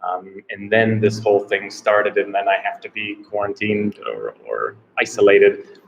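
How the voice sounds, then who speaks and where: A man's voice: lowish voice, unhurried, vocal fry, highs cut off, a little hiss or hum. An American man chatting casually on a live stream from a small room, rambling and unsure, often repeating himself. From United States. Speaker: travel vlogger doing a live Q&A.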